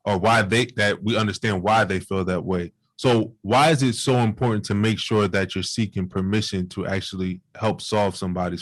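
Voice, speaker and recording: A man's voice: on the low side, dry recording, rough recording. A man hosting a podcast, asking long earnest questions. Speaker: podcast host. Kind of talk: interview questions.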